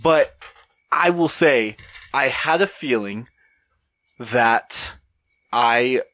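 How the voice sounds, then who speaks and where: A young man telling a story as a podcast guest, with lots of ums and pauses. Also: mid-range voice, animated, sharp tone. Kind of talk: casual podcast chat.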